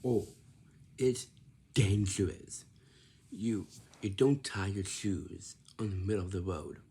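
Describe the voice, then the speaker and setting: A man with a low, gravelly voice talks slowly through everyday advice. He speaks in a dark, mellow tone, circling back and restarting his sentences as he lectures. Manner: repetitive, instructive, many restarts and tag questions. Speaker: vlogger giving life advice. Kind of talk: casual lecturing monologue.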